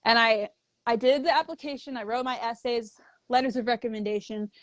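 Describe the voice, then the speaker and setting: A woman's voice: on the high side, fairly even intonation, brisk, dry recording, dull audio. A young adult woman telling stories as a guest in a casual interview, chatty and full of "like". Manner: chatty, fills speech with "like", acts out quoted dialogue.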